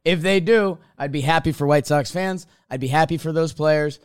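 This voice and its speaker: A man co-hosting a sports podcast, chatty and often laughing, with halting restarts. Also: fairly high pitch, clear, resonant tone, no echo, studio quality. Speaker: podcast co-host. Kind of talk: casual sports talk.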